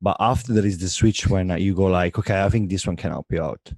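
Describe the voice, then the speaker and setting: A man in casual podcast chat about sales, halting with loose grammar and fillers. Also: low voice, a little mellow, breathy edge, no echo, clean studio sound.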